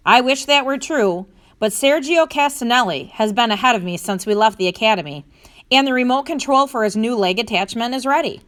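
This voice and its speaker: Larry is a friendly astronaut in a classroom storybook, read aloud by a woman who keeps her own voice. The reading stays fairly high and lively, with an easy, conversational tone. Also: a little fast. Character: friendly male astronaut colleague.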